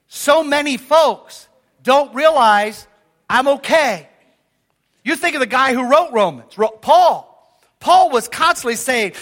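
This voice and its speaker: Older male pastor, high-pitched, conversational sermon with call-and-response. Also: measured pace. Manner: lively, conversational preaching with audience call-outs.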